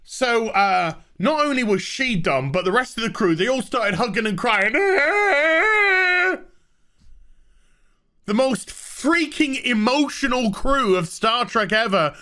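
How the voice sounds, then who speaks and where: A man rants through a TV episode review, exasperated and sarcastic. He talks slowly and drags out his words, and his pitch swings widely whenever he gets worked up. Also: lively intonation, bright, forceful tone. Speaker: TV show reviewer. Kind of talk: ranting review vlog.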